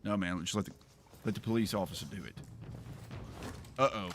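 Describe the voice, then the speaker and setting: A man's voice: sits low, a little fast, fairly bright tone, slight background noise. A man with a Southern US accent chatting loosely with viewers while he streams a video game, rambling and laughing often. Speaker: gaming streamer. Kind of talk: casual livestream chat while playing.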